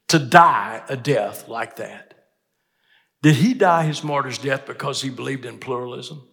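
An older man preaching a sermon in a chapel, emphatic, climbing to loud peaks when he quotes scripture. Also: medium pitch, measured pace, vocal fry. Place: seminary chapel. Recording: long hall reverb.

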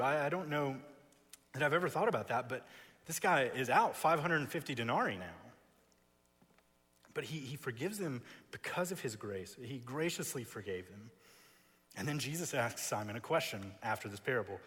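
Husky-voiced male preacher in a chapel. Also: mid-range voice, expressive, normal speed, fairly bright tone. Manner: emphatic, builds with repeated phrases. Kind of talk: expository sermon. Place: seminary chapel. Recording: long reverb of a chapel.

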